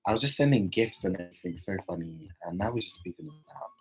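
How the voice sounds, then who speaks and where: A man chatting casually on a livestream, playful, with sudden loud outbursts. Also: low-pitched, animated, quick pace, slightly rough, poor audio.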